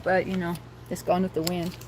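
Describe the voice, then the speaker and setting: A woman's voice: fairly low pitch, flat delivery, brisk, noisy background. A woman hosting a casual livestream, chatting and rambling to viewers and laughing often, recorded on a handheld phone. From rural area near Boise, Idaho. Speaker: livestream host.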